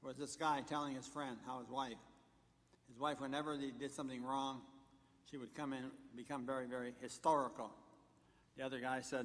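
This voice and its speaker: A man's voice: medium pitch, little pitch movement, normal speed, a bit bright. A man, a pastor, delivering a sermon in a church, walking through numbered points and telling jokes along the way. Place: church sanctuary. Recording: long church reverb.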